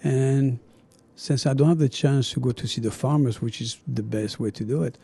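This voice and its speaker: A middle-aged chef with a French accent talks in a very dark, mellow voice. He tells his stories with animation, acting out the people in them and laughing often. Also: medium pitch, moderate pace, gravelly, slightly rough. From France. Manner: animated storyteller, acts out dialogue, laughs often. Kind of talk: casual interview chat.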